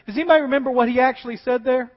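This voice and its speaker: A man preaching a sermon dramatically, swinging between loud declaiming and hushed asides. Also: very high-pitched, fairly even intonation, very fast. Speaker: pastor. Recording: dull sound with long reverb in a large hall.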